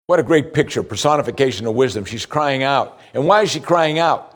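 Man preaching a sermon. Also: mid-range voice. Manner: preaching, slow scripture reading with lively rises. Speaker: pastor.

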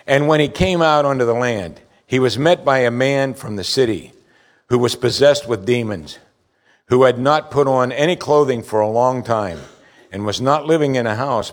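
A man preaching a sermon, reading scripture aloud and explaining it with emphatic rises and quiet low asides. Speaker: pastor.

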